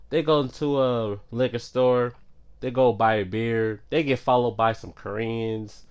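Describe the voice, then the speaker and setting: Slow, low-voiced man recapping a film. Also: smooth. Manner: laid-back retelling, many filler "like"s and restarts. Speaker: movie reviewer. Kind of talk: casual movie recap.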